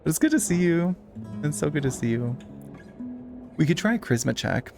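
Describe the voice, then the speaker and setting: Gravelly, chatty male streamer. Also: a little high, sing-song, brisk, music in the background. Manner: chatty, swears freely, reads game text aloud. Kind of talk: casual live-stream chat while gaming.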